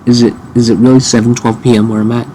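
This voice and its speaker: A man casually questioning an AI assistant, halting and repeating himself, with dry sarcasm. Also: medium pitch, level tone, mellow, a little hiss or hum. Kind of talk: casual chat.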